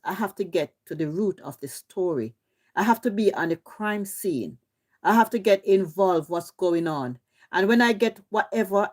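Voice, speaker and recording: A woman's voice: medium pitch, a little mellow. Fired-up Jamaican woman ranting live. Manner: heated, repetitive, swears a lot. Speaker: livestream host.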